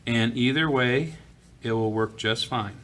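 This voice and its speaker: A man of middling pitch talks through a drawing lesson in an easygoing way, thinking aloud with fillers while he sketches. A faint hiss of room noise sits under his voice, recorded at a school desk. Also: measured pace, fairly bright tone. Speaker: art teacher. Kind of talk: drawing tutorial narration. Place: school office.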